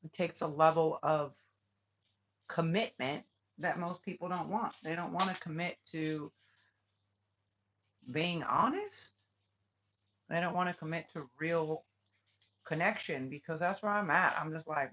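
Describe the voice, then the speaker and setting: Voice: medium pitch, unhurried, long pauses, a bit bright, lo-fi sound. A spiritual reader talking in a casual vlog, blunt and profane, firing off repeated questions in heated bursts.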